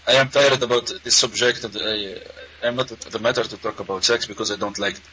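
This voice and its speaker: Earnest caller, halting second-language English. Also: male voice, fairly low pitch, steady tone, pushed and bright, low-quality recording. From Arab world. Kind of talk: call-in conversation.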